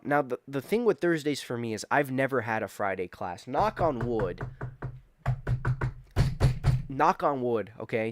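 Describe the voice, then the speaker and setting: A man's voice: medium pitch, no echo, studio quality. A man in his twenties streaming casual chat, rambling, swearing and repeating himself as he reacts to chat. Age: 20s.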